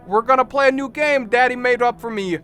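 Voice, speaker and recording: A man's voice: extremely high pitch, brisk, pushed and bright, smooth, soft background music. A man voicing a scared little girl in a game, timid and pleading, in a put-on Texan drawl. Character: scared little girl looking for her dad. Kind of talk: game dialogue read aloud.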